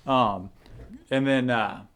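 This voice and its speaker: A man's voice: medium pitch, slow, a bit bright, clean tone. A man casually reviewing a film with a friend, rambling and hesitant with many fillers. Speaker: movie reviewer. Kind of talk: casual movie review chat.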